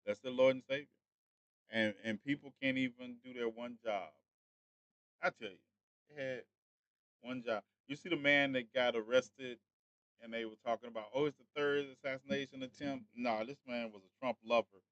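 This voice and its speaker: A man's voice: mid-range voice, steady tone, normal speed, long pauses, a bit bright, no room sound, dull audio. A man hosting a casual livestream, chatting straight to his viewers. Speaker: livestream host.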